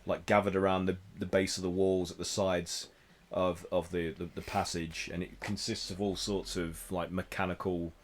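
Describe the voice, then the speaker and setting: A man from the United Kingdom narrating as game master, unhurried and full of ums and likes. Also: sits low, a little hiss or hum. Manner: relaxed, hesitant narration with many fillers.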